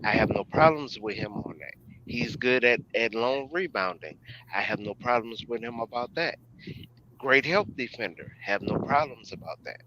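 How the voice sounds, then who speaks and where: Bright-voiced man on a muffled line. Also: mid-range voice, lively intonation, moderate pace. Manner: emphatic, repeats his points. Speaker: guest caller. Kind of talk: casual sports talk. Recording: dull, noisy line.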